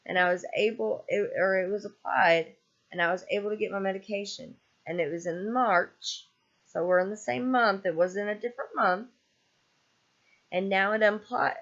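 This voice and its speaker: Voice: mid-range voice, moderate pace, vocal fry, a bit bright. Exasperated vlogger ranting, dull lo-fi audio. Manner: angry, exasperated rant with frequent swearing. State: weary and fed up. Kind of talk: casual venting monologue. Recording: dull lo-fi recording.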